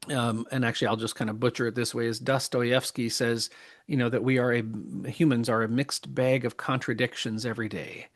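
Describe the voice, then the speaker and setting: Earnest middle-aged man, halting speech. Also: medium pitch. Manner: earnest, halting, many restarts. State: choked up with emotion. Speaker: podcast guest. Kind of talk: casual interview talk.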